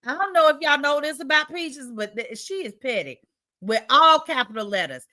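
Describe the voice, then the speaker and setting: Give me a playful woman livestream host, reading comments in a bright, lively voice. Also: high voice, normal speed. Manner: chatty, reads viewer comments aloud, playful. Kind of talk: casual livestream chat.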